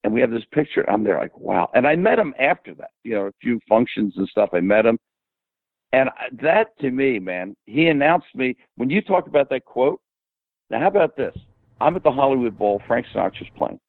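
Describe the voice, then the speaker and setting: An older man as a podcast guest, rambling and animated as he tells stories and quotes people. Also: mid-range voice, fairly quick, dry recording. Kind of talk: casual storytelling. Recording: tinny phone-like line.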